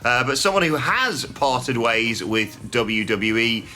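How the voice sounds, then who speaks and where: Bright-voiced man chatting news. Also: mid-range voice, slow pace, soft background music. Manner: chatty, opinionated, with mild swearing. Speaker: wrestling news host. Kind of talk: casual news chat.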